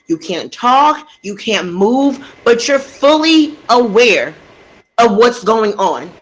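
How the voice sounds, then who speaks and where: A woman's voice: mid-range voice, poor audio. A woman telling a true crime story casually into a desk microphone, getting emotional and outraged and talking straight to her listeners.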